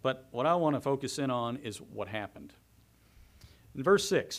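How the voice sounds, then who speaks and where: A man preaching a sermon, reading scripture aloud and commenting, swinging between soft asides and loud, fervent passages. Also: mid-range voice, animated, normal speed.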